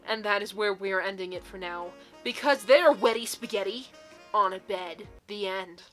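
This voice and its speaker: A woman's voice: mid-range voice, normal speed, a bit bright, soft background music. A young woman reading silly fan fiction aloud in a mock-dramatic way, often breaking into giggles.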